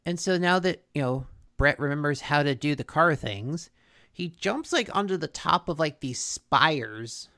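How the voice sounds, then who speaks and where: A woman's voice: deep voice, expressive, measured pace, a bit bright. A woman co-hosting a casual chat, recapping a cartoon episode in a rambling way with lots of fillers and restarts. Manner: rambling, filler-heavy storytelling with frequent restarts.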